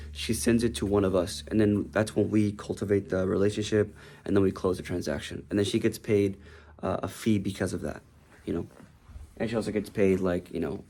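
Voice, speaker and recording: A man's voice: lowish voice, darkish tone. A man who works as a real estate agent giving a casual, rambling tour of his office, talking loosely with many fillers. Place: office indoors.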